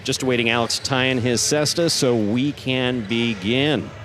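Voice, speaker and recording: A man's voice: fairly bright tone, faint music behind. A man working as arena announcer and play-by-play commentator, calling out player introductions and then the action of the match. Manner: drawn-out booming name calls during introductions; quick, lower play-by-play calls. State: out of breath after introductions. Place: indoor jai-alai fronton. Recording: long hall reverb, faint arena noise.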